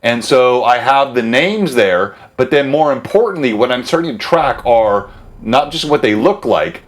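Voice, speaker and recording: A man of middle pitch talks casually as a game master on a live stream. He chats loosely, breaks off mid-sentence and laughs often. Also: lively intonation, normal speed. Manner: chatty, self-interrupting, laughs often. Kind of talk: casual livestream chat.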